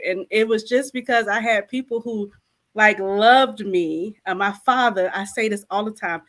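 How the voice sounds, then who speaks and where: A woman's voice: on the high side, moderate pace, sharp tone, slight background noise. A woman guest co-author, telling her personal testimony candidly and acting out her own prayers.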